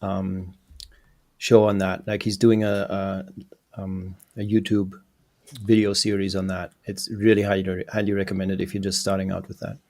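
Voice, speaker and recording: A man cuts in on a live stream with a casual side remark. His voice is low and stays flat. He speaks loosely, with fillers. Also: moderate pace.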